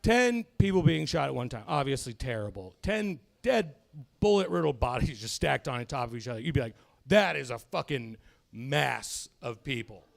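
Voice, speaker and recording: Male comic, gravelly and lively in pitch, dark profane deadpan material. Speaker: stand-up comedian. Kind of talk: stand-up routine. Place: comedy club stage.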